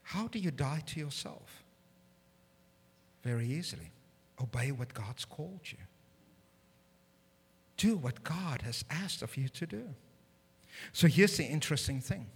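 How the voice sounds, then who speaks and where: A man preaching a sermon in a church, animated and humorous with self-deprecating asides, building to loud emphatic peaks. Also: on the high side, a little slow, pauses often, husky. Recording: long hall reverb.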